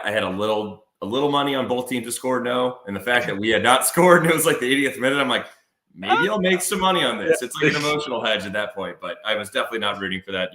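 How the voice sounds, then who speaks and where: A bright, forward-sounding man with a Midwest accent, fairly low in pitch. He chats with a podcast co-host, jokey and full of "like", in a roomy space. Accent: American Midwest. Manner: lively, lots of "like", jokey. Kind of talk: casual sports podcast chat with ad reads.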